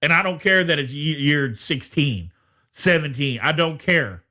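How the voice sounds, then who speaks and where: Animated, exasperated sports podcast host. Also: male voice, on the high side, unhurried. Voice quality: animated and exasperated, laughs often. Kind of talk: casual sports podcast monologue.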